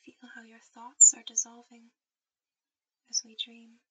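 Breathy whispering woman, whispered role-play. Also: fairly high pitch, completely flat delivery, measured pace, rough recording. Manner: soft intimate whisper, guiding to sleep. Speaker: ASMR performer.

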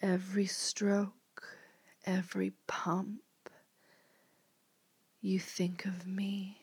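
A woman in a whispered role-play, speaking as a commanding mistress in a slow, hypnotic whisper. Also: medium pitch, little pitch movement, a little mellow, slightly rough, no room sound.

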